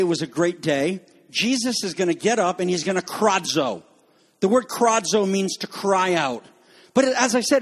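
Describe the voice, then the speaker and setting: High-voiced, animated preacher man. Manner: animated, emphatic, with joking asides. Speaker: pastor. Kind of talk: sermon.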